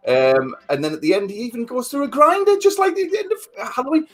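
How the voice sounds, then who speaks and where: Husky ranting man. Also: extremely high pitch, a little fast. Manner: ranting, sweary, animated. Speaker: podcast co-host. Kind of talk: casual chat, film review.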